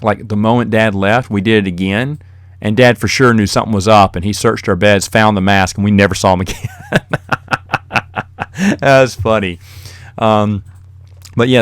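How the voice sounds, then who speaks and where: Low-voiced man rambling casually. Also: no echo, clean studio sound. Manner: rambling, chuckles while telling stories. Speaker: podcast host. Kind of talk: casual solo monologue.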